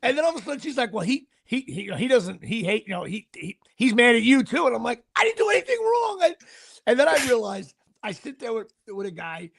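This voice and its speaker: A man's voice: very high voice, a little fast, vocal fry. A middle-aged man hosting a casual chat, telling a story with laughs and acting out what people said. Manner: animated, laughs mid-story, acts out quotes. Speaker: podcast host.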